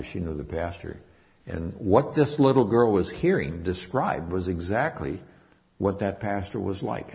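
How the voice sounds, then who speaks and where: A man's voice: low-pitched, creaky. A man preaching a sermon, explaining Greek words with emphatic, repetitive phrasing. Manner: repeats words and restarts, with fillers. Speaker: Bible teacher.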